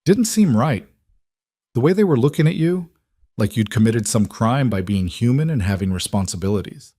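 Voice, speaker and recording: A man voicing a gentle widowed father who speaks carefully and steadily. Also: medium pitch, lively intonation, moderate pace, no room sound, studio quality, lightly acted. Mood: earnest.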